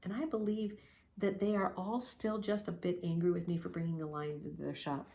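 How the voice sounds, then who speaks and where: A woman reading a children's story aloud with lively, expressive storytelling and spoken sound effects. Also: on the low side, fairly quick. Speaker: reader. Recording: roomy echo.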